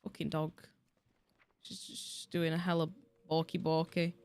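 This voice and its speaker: Low-pitched and completely flat, a little slow, this young woman's voice comes through clean with no echo. She's from Yorkshire, England, rambling casually while streaming a game, swearing freely and laughing often, as soft music plays.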